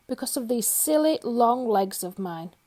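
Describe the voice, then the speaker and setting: A woman voicing a gloomy, very tall male storybook character who talks slowly and sighs. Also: on the high side, animated, dark tone. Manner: sighing, slow and mournful.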